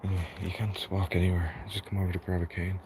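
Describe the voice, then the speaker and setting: A man with an Irish accent hosting a casual live gardening walkthrough, soft-spoken and mumbly, often half-whispering to his plants and insects. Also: low voice, flat delivery, fast talker. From Ireland. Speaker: gardening livestream host. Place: outdoor vegetable garden. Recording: noisy outdoor livestream audio.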